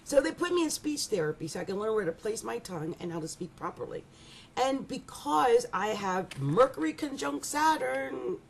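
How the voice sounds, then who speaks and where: A middle-aged woman giving a rambling, animated astrology reading, laughing often and restarting her sentences. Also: medium pitch, gravelly, a little hiss or hum. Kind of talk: casual monthly astrology reading.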